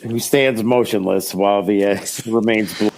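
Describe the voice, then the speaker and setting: A man's voice: on the low side, fairly even intonation, normal speed, vocal fry, darkish tone, poor audio. A man co-hosting a podcast, chiming in with short comments while a film is recapped. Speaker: podcast co-host. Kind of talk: casual movie recap.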